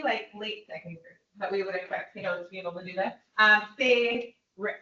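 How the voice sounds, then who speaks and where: A woman presenting at a training workshop, leading a quick call-and-response drill with her listeners. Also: medium pitch, pushed and bright, slight background noise. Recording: echoey room, distant dull mic.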